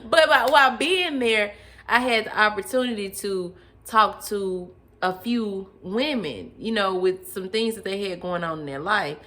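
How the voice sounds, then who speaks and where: A woman's voice: mid-range voice, a little slow. A young woman casually telling a personal testimony, addressing listeners as y'all and acting out what she and others said. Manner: animated, addresses listeners as y'all, acts out her own quotes. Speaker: storyteller sharing personal testimony. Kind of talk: casual personal storytelling to viewers.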